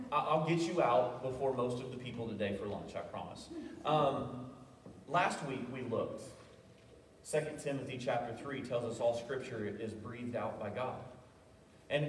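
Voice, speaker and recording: A man's voice: medium pitch, a little hiss or hum. A man preaching a sermon, telling stories with self-deprecating humor and often stumbling over his words. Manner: frequent stammered restarts. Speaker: pastor. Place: church hall. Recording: echoey hall, voice from far off.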